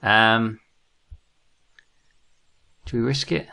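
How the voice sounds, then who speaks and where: A man's voice: medium pitch, fairly even intonation, very slow, vocal fry, sharp tone. A British man commentating his own game play, jumpy and muttering to himself with self-mocking asides. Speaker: gaming commentator.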